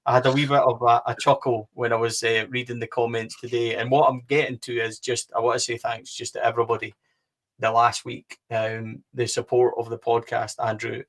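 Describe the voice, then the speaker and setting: A man's voice: medium pitch, a bit bright. A man with a Scottish accent co-hosting a football podcast, chatty and rambling, with lots of fillers. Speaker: podcast co-host. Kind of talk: casual football podcast chat.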